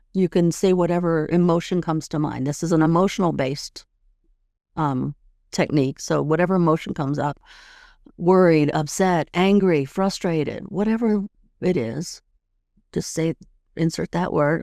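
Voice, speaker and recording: A middle-aged woman host talks listeners through a calming routine at an even, guiding pace. Her voice has a slight gravelly fry, recorded close and dry with no room sound. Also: deep voice, moderate pace, no room sound. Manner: calm, guiding, demonstrates steps; adds "right?" to check in with listeners. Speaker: podcast host and tapping coach. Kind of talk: instructional podcast talk.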